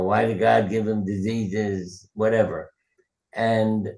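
An older man, formerly a surgeon, appears as a guest in an interview and wanders through casual stories, playing out each quote. His fairly low voice echoes around a roomy space.

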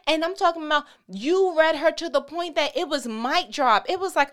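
Woman hyping up a bible story, sassy and animated, talks fast in bursts. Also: high-pitched. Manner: animated, sassy, exclaiming and laughing. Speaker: vlogger teaching from the Bible. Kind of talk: casual Bible commentary.

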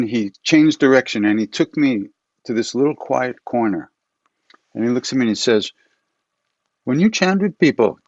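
A man who leads chanting, telling stories in a relaxed, rambling way with frequent laughs, from his home for an online event. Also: mid-range voice, dry recording, muffled recording. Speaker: chant leader. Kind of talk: casual storytelling to an online audience. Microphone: computer mic for an online event.

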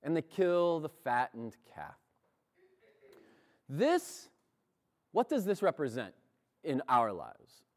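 A man delivers a sermon in church, his fairly high voice rising and falling with lively expression. He talks to the congregation in an easy, conversational way and laughs often as he preaches. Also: takes it slowly, long pauses.

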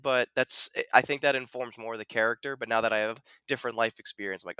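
A man co-hosting a podcast, chatting casually about a film, animated and full of fillers, acting out quotes. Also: mid-range voice, fast, clear, resonant tone, dry recording. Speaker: podcast co-host.

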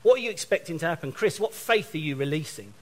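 A man's voice: on the high side, animated, fast. A middle-aged man from England preaching a sermon, telling a story and acting out both sides of his phone calls.

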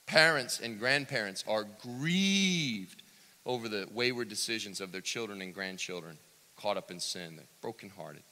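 A man preaching a sermon, swinging from loud to hushed and acting out the quotes he cites. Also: lowish voice, animated, moderate pace. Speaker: pastor. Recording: long reverb of a church hall.

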